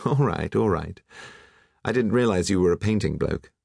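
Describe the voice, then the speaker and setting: Agatha Troy, a curt gruff painter, voiced by a man. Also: low voice, expressive, moderate pace, darkish tone, dry recording, studio quality, heavily acted. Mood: brisk. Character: brusque, prickly young woman painter.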